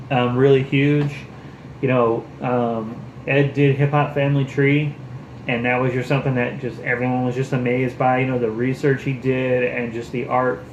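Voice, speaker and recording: A man's voice: mid-range voice, reverberant, highs cut off, slight background noise. A man chatting casually about books he picked up, enthusiastic and rambling, with lots of fillers. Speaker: book vlogger. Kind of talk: casual show-and-tell chat.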